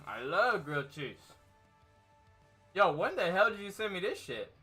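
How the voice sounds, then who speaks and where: A man's voice: high voice, very animated, measured pace, sharp tone, faint music behind. A man hosting a casual gaming chat stream, laid-back and laughing often, swearing freely. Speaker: streamer host.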